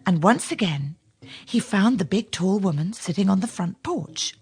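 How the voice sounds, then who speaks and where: A woman narrating a children's fairy tale in an expressive storytelling manner. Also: mid-range voice, moderate pace, husky.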